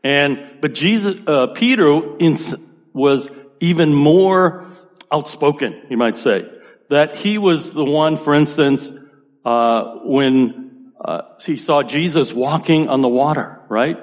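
A man's voice: fairly high pitch, takes it slowly, big-room sound. A man with a Boston accent preaching a sermon in a loose, conversational way, often checking in with "you know" and "right". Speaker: pastor.

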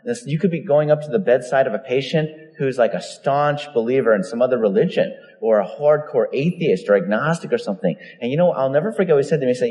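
A man's voice: mid-range voice, fast, few pauses. A man preaching a sermon, telling stories and acting out the voices he quotes. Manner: storytelling, animated, acts out quoted voices. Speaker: pastor. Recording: long reverb of a large hall.

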